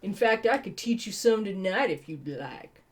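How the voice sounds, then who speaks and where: A woman's voice: medium pitch, animated, moderate pace, a little hiss or hum, lightly acted. A woman voicing a sneering, misogynist male fighter who mocks and leers. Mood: leering. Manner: leering, mocking.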